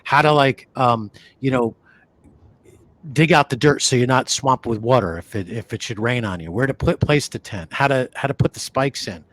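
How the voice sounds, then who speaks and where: A man's voice: medium pitch, moderate pace. Rambling man talking on a podcast. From New York City area. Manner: animated, rambling, many fillers and restarts. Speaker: podcast co-host. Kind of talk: conversational podcast talk.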